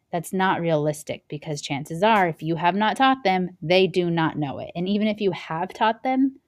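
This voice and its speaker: Speaking in a fairly low, slightly mellow voice, a young parenting podcast host chats casually on her own. She slips into different voices to act out little scenes.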